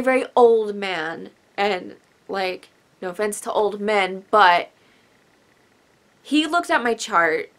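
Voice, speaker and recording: A young woman talks straight to the camera in a bright, forceful voice, rambling through a personal story. She sounds emotional and tearful at times, sighing and apologizing as she goes. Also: mid-range voice, creaky. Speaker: vlogger.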